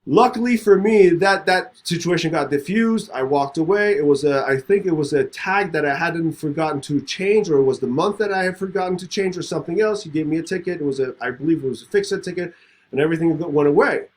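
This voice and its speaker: Guy w/ hosting a podcast, pretty high voice, tells stories w/ lots of energy and acts out who said what. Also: quick pace. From Middle East. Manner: animated, acts out both sides of a story. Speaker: podcast host. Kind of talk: casual conversation, storytelling.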